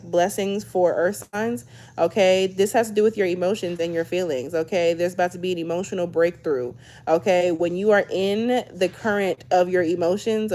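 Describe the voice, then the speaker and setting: A woman's voice: fairly low pitch, a little mellow. Chatty young woman reading tarot. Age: 20s. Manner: chatty, keeps adding "okay?" and "y'all", swears casually. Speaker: tarot reader. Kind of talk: casual tarot reading to camera.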